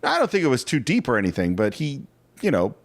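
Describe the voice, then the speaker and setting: Male podcast co-host, earnest storyteller, lively pitch. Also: fast. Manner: earnest, retells film scenes in detail. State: moved, emotional. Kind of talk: casual film discussion.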